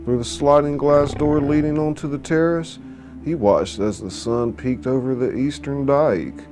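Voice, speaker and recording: A man narrating a story in a slow, measured reading. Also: mid-range voice, a little mellow, soft background music. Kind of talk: audiobook narration.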